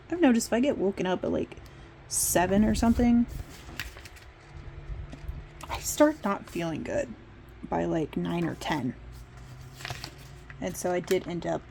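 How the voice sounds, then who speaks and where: A woman's voice: lowish voice, vocal fry, darkish tone, a little hiss or hum. A woman chatting casually and candidly while decorating her planner at home, rambling a bit and swearing now and then. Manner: rambling, candid, mildly profane. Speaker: planner vlogger.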